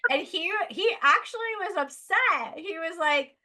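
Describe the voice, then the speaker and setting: A woman from Southern California, a guest musician telling stories on a casual podcast, animated and full of fillers. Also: very high-pitched, measured pace, a loud crowd. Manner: chatty, animated, lots of "like", laughs while telling stories.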